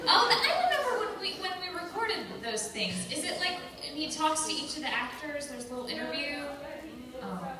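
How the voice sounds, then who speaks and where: High-voiced woman bantering in a noisy hall. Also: big pitch swings. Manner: teasing, quick quips. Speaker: voice actor on a convention panel. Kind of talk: joking panel banter. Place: large convention hall. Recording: echoey distant hall with loud crowd.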